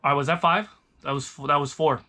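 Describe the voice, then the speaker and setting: A man's voice: a little high, steady tone, fast, pushed and bright. A young man chatting casually as a vlogger, rambling and restarting his sentences often. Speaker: vlogger reviewing movies. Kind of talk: casual chat.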